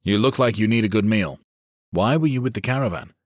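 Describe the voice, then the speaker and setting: A man's voice: lowish voice, brisk, dry recording, clean studio sound, voice pushed up, natural voice. A man voicing a proud, commanding male official in an audiobook, barking orders and warnings. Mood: stern. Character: arrogant, forceful male official turned outlaw.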